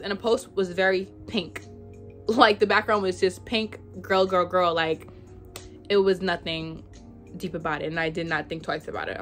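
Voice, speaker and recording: A young woman vlogger telling a storytime in casual, animated chat, full of "like". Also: mid-range voice. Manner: chatty, animated, says "like" a lot.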